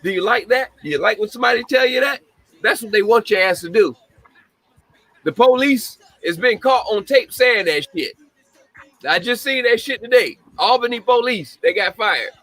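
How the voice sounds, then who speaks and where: With a high-sitting voice, lively intonation and a slightly bright tone, a man talks at normal speed as he hosts a podcast. He rants bluntly, swears a lot and often laughs; the recording is dry and the audio poor.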